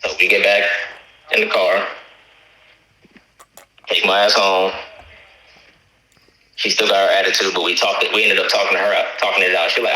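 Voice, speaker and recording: Low-voiced man rambling through a story. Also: flat delivery, moderate pace, long pauses, pushed and bright, echoey room, rough recording. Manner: profane, rambling retelling. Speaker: caller. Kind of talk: casual storytelling.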